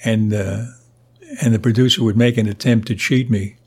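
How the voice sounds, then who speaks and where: An older man, a podcast guest, telling a story with lively delivery and frequent laughter. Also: on the low side, moderate pace, slightly rough. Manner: animated, laughs through his stories. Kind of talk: storytelling anecdote.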